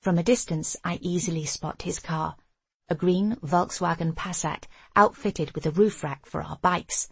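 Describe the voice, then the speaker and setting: An older woman narrating a memoir audiobook in a measured, intimate first-person voice. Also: fairly low pitch, gravelly, breathy edge, no room sound.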